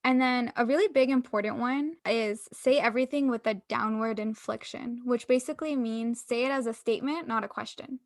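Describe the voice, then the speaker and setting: A young woman co-hosts a chatty podcast, talking in an upbeat, explanatory way with an easy laugh. Her voice sits fairly high, and the recording is close and dry. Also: brisk, hardly any pauses, no echo. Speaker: podcast co-host. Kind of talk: casual chat.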